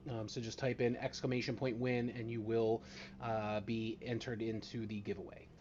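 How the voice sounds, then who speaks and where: A man acting as dungeon master on a live tabletop game stream, chatty and excitable with many fillers. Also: medium pitch, normal speed, slight background noise. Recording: dull lo-fi mic.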